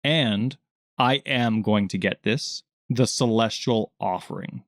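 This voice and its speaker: A man's voice: on the low side, takes it slowly, no echo, studio quality. A man co-hosting a gaming podcast in casual chat, rambling and laughing often. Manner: chatty, laughs a lot, rambling. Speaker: podcast co-host.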